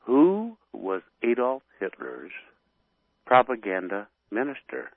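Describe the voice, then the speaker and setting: A man from North Dakota calls in to a radio show over a thin, phone-like line. His low voice swings widely and moves slowly. He rants heatedly and often stalls to search for words. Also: wildly swooping pitch, dry recording. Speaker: radio caller. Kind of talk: phone-in rant.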